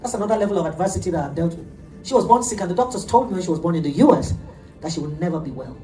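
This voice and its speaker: A middle-aged woman pastor preaching an animated sermon, laughing often as she tells stories. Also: fairly low pitch, rapid-fire, faint music behind. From Nigeria. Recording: echoey room, heard from a distance.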